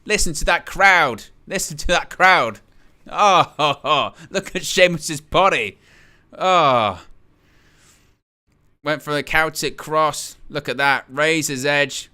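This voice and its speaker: Male watch-along host, fairly high and sharp voice, excitable, exclamatory. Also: slow, clear, resonant tone. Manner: excitable, exclamatory, repeats phrases. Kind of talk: live reaction commentary.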